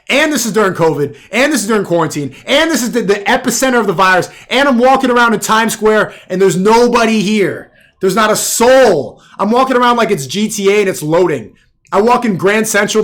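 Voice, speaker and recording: A man's voice: high voice, fairly bright tone. A man on a live stream, telling a loose, rambling story packed with filler.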